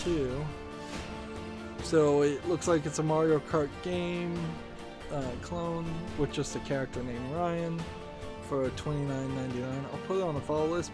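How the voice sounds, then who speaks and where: A man hosting a let's-play, giving casual commentary while thinking aloud with lots of fillers. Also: fairly high pitch. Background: game music.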